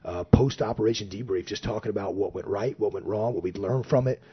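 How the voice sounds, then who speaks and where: Husky man telling war stories. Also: on the low side, fairly quick. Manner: animated, acts out quoted remarks in his telling. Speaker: podcast guest, former Navy platoon officer. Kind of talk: casual storytelling. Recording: dull lo-fi recording.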